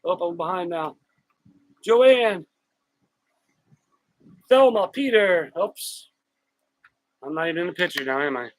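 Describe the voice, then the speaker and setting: Man, high voice, dry close sound, chatty, upbeat, live stream host greeting his chat outdoors. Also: expressive, no echo, poor audio. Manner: chatty, upbeat, drawn-out shout-outs. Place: outdoors on a hot day with a fan.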